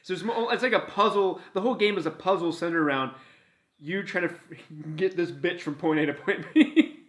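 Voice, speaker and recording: A man co-hosting a video game countdown show rants casually and profanely, laughing a lot during the comedic game banter. His voice sits high and his pace is brisk.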